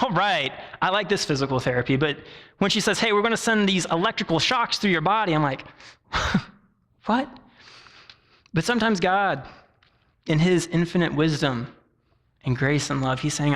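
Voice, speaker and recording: A man's voice: on the high side, normal speed, bright, forceful tone. A young adult man preaching a sermon in a conversational way, telling a personal story and acting out the voices he quotes. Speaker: pastor.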